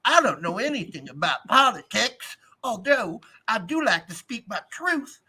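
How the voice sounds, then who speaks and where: Mock impression: a man playing a dopey, self-pitying coach in a fake Southern drawl, pitched high and sing-song. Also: sing-song, moderate pace, bright, forceful tone, breathy edge, full character voice. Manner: whiny, mocking. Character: playfully dim, self-pitying male soccer coach.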